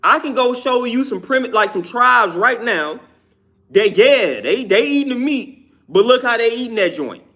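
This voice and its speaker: A man's voice: very high voice, animated, moderate pace, sharp tone. A young man talking casually and emphatically about diet, with slangy, repetitive phrasing. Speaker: vegan health talker. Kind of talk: casual monologue.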